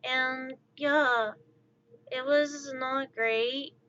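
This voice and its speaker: A woman's voice: sits high, steady tone, drawn-out words, bright, forceful tone, lo-fi sound, slight background noise. A woman in her thirties ranting exasperatedly during a casual livestream chat, her voice slightly altered after intubation. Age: 30s. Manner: exasperated, rambling rant. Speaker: streamer.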